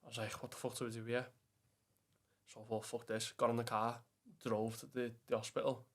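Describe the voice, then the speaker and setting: A young man from Liverpool, England, guesting on a podcast, tells an emotional personal story bluntly in a Scouse accent, swearing frequently and calling the listener "lad." His voice is medium-pitched with little movement, and his pace is fairly quick.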